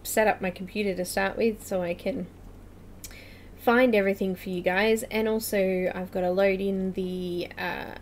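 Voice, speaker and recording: A woman's voice: mid-range voice, steady tone, moderate pace, slight background noise. A woman hosting a live coloring tutorial stream, chatting casually, laughing often and greeting viewers by name. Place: home room with air conditioner running.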